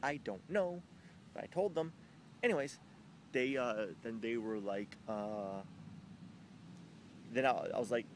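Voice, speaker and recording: A man telling a rambling, profane story about a neighbour dispute, halting and full of fillers, with high squeaky voices for the other people in it. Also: a little hiss or hum.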